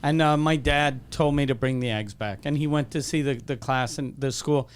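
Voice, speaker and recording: A man's voice: mid-range voice, normal speed, a little hiss or hum. A man on a comedy podcast giving easygoing, wry comments and childhood stories. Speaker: podcast co-host. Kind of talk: casual comedy chat.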